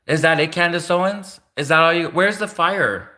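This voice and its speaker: A man's voice: on the high side, normal speed, sharp tone. A man hosting a livestream, ranting casually and repeating himself as he speaks straight to the person he is calling out. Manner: repetitive, keeps addressing his target directly. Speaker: livestream host.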